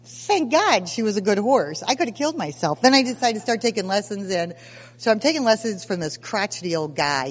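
A woman in her sixties telling stories at a recovery meeting, lively and self-mocking, acting out scenes as she goes. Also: medium pitch, fairly quick, long reverb tail. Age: 60s. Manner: animated, self-mocking storyteller who acts out scenes. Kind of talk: personal testimony at a recovery meeting.

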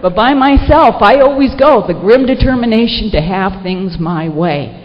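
A middle-aged woman sharing a personal story with an audience at a recovery meeting, in an animated, self-mocking way with lots of fillers. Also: medium pitch, normal speed. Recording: echoey hall, dull lo-fi sound, faint noise.

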